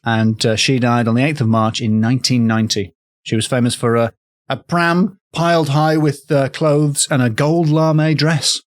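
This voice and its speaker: A man's voice: mid-range voice, little pitch movement, normal speed, no echo. A man co-hosting a comedy podcast, telling folklore tales in a dry, teasing manner. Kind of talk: casual comedic podcast chat.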